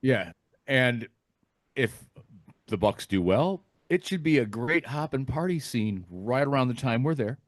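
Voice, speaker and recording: A man's voice: mid-range voice, a little slow, dry recording. Man telling a story, dry close sound. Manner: storytelling, relaxed and candid. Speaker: DJ guest. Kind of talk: casual online roundtable chat.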